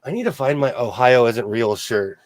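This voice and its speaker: A man's voice: medium pitch, expressive, normal speed, dry recording. An older man hosting a sewing livestream, chatting casually and jumping between topics. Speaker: sewing show host.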